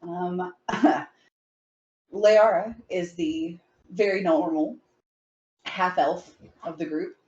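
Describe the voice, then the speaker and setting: Slow, giggly woman in an echoey room. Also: lowish voice, fairly even intonation, a little mellow, muffled recording. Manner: hesitant, giggly, dry humor. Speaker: player. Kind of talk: casual game chat.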